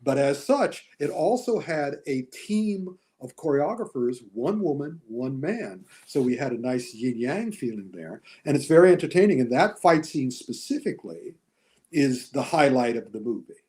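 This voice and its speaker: Animated older man explaining films. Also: mid-range voice. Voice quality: measured, explanatory, chuckles. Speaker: guest film critic. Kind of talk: casual chat.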